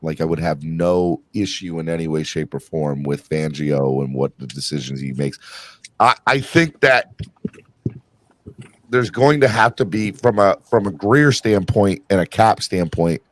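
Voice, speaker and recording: Low-voiced man hosting a sports podcast. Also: animated, measured pace, no echo. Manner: emphatic, repeats and restarts often. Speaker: podcast host. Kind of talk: casual sports chat.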